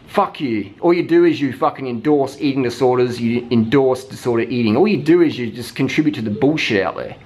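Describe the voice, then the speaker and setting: A man's voice: mid-range voice, a little fast, hardly any pauses, a little mellow. A man ranting heatedly, swearing constantly and mimicking people in mocking voices. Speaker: vlogger. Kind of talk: profane rant.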